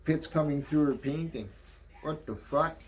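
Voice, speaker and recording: Male narrator, easygoing and slow, reads comics with loose commentary. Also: on the high side. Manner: slow, offhand, swears and ad-libs. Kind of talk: casual comic reading with commentary.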